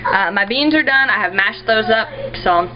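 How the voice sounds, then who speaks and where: A woman's voice: mid-range voice, expressive, normal speed. A woman with a Southern US accent, chatting casually through dinner prep for her family vlog, rambling with lots of ums and likes. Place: home kitchen. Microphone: handheld camera. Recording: lo-fi home video with family chatter.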